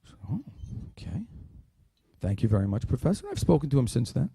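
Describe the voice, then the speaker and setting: A man with a medium-pitched, gravelly, slightly rough voice talks a little fast while giving a keynote at a dinner. Animated, he tells a story with humorous asides and acts out the quoted dialogue. There's no room sound.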